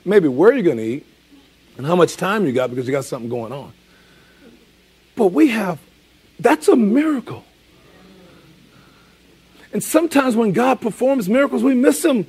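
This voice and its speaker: Man, 40s, pastor, sermon, high voice, husky, conversational, emphatic repetition. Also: expressive, moderate pace, long pauses, a little mellow. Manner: conversational, emphatic, repeating key phrases.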